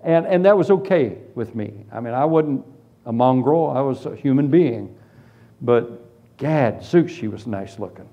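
A man preaching a humorous sermon testimony, telling his story in an animated, self-deprecating way. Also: mid-range voice, unhurried, a little hiss or hum. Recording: dull lo-fi recording.

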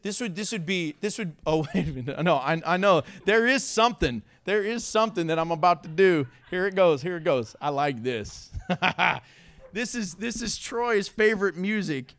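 A pastor preaching to his congregation in a church, playful and full of energy as he jokes at his own expense. His voice sits high for a man and sounds bright. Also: moderate pace. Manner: playful, self-mocking, energetic. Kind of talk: sermon.

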